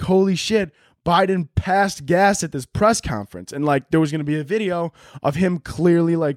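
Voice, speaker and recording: Profane, rambling high-voiced man. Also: no room sound, studio quality. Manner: profane, rambling, animated ranting. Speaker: podcast host. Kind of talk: casual comedic podcast monologue.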